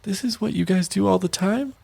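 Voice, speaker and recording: A man's voice: very high-pitched, animated, takes it slowly, creaky, darkish tone, dry recording, pitched above the performer's own voice, full character voice. A man voicing a protective, worried woman horrified by the danger her children face. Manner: anxious and pleading.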